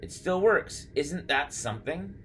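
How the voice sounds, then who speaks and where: A man voicing a chirpy older neighbor woman who talks in a bright, chatty way. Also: on the high side, animated, unhurried, a little hiss or hum, voice pushed up. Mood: delighted.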